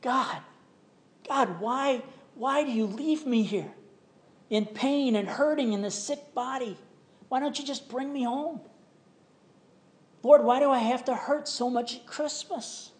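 A man's voice: extremely high pitch, a little slow, long pauses, voice pushed up. A man voicing a grieving, lonely person who pleads with God in anguish. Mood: anguished pleading.

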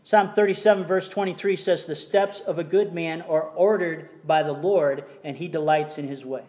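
A man preaching a sermon in a church, reading scripture slowly and telling a story between verses, sometimes dropping almost to a whisper. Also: on the high side, fairly even intonation, darkish tone. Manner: reads scripture slowly, tells jokes, drops to near whisper. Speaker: pastor. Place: church sanctuary.

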